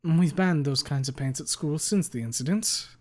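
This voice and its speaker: A man voicing a charming, gentle male teacher in a read-aloud visual novel, talking in a smooth, genial way. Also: a little high, moderate pace, close to an everyday voice.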